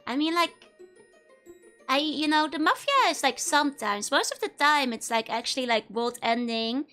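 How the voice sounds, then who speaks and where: Woman streamer, lively up-and-down voice, giggly, slightly worn from illness. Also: sits high, normal speed, faint music behind. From Netherlands. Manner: giggly, chatty, greets viewers by name. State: voice still recovering from illness. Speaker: VTuber streamer. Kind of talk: casual live-stream chat.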